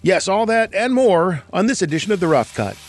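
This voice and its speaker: A man's voice: high-pitched, very animated, fairly quick, over loud music. A man hosting a podcast about film editing, playful and self-mocking as he introduces guests and reads an ad. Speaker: podcast host.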